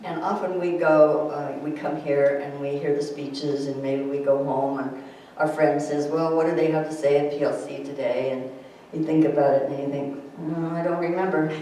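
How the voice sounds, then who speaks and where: A woman giving a spiritual thought to a small group, gently reading a quote aloud and chatting, laughing often at her own stories. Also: low voice, steady tone, normal speed, hardly any pauses, slight background noise. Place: room with a small audience. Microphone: distant room mic. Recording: echoey room recorded from far off.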